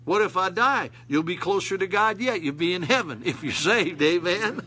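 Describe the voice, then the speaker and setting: Older pastor preaching with fervor. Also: male voice, sits high, lively intonation, normal speed, hardly any pauses, sharp tone, husky. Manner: folksy, rising to emphatic preaching. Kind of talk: sermon.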